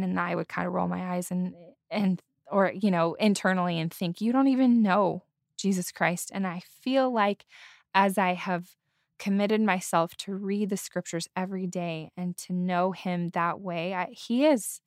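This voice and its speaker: A woman co-hosting a faith podcast speaks earnestly, holding back tears as she shares. Her voice sits low with a gravelly fry. The recording is dry and close. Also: no room sound. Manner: earnest, emotional, heartfelt. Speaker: podcast co-host. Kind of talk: casual testimony chat.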